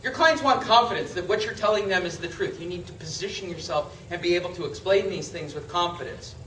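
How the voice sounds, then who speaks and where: A man teaching a seminar to real estate agents, emphatic and animated, asking and answering his own questions. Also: high-pitched, fairly quick, slight background noise. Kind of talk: seminar lecture. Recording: echoey room from a distance.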